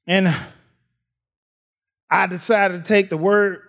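Male preacher, high voice, folksy and repetitive. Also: flat delivery, slow pace, vocal fry. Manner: folksy, repeats phrases, rises to near shouts. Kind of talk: sermon.

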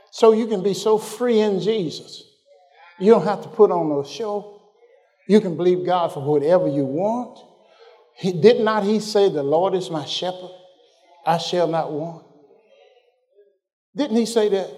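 A man preaches a sermon, tossing questions to the congregation and stretching out scripture slowly. His voice sits high and climbs further as he builds. Long church-hall reverb trails every phrase. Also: dark tone. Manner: call-and-response, questioning the congregation; drawls scripture slowly, rising in pitch as he builds.

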